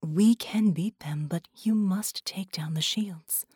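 A woman voicing a gentle, steady heroine who speaks softly, almost in a whisper. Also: lowish voice, moderate pace, breathy edge, no echo, clean studio sound. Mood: tender.

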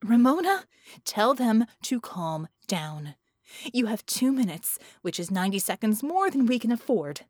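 A woman voicing a hoarse female coordinator in an audiobook who gives brisk, barked orders. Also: medium pitch, a little mellow, no echo, clean studio sound, lightly acted. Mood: urgent.

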